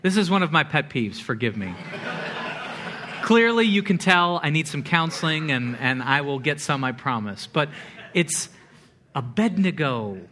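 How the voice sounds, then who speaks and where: Animated higher-voiced male preacher. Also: moderate pace. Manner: animated preaching with repeated words and quoted asides. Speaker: pastor. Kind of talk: sermon.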